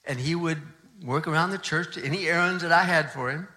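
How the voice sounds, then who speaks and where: Older man, pastor, sermon storytelling, bright voice, slightly high pitch, animated, hushed at times. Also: fairly quick. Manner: animated storyteller, drops to soft near-whisper in quiet moments.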